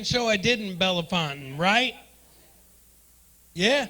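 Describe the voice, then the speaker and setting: A man's voice: high-pitched, big pitch swings, unhurried, long pauses, bright, forceful tone, rough recording. A man doing crude, brash stand-up comedy and crowd work as the emcee on a comedy club stage.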